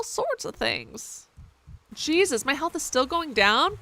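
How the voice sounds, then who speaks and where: A woman's voice: sits high, big pitch swings, unhurried, fairly bright tone, no room sound. A woman streamer playing a video game, joking, swearing and talking back to the characters as she reads their lines aloud. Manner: jokey, swears freely, talks back to the game. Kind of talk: casual let's-play commentary, reading game dialogue aloud.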